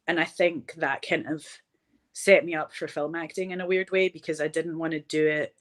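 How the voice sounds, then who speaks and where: A woman's voice: deep voice, normal speed. A woman with a Glasgow accent, a film director and actor, chatting animatedly as an interview guest. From Scotland. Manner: animated, chatty, many "like"s and "do you know what I mean". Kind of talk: casual interview chat.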